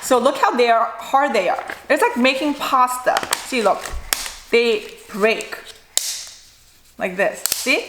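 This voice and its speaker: This is a casual mukbang cooking chat from a woman's home kitchen, where the food vlogger rambles along and jokes with herself. Her somewhat high voice is expressive and unhurried, set against reverb and a noisy background.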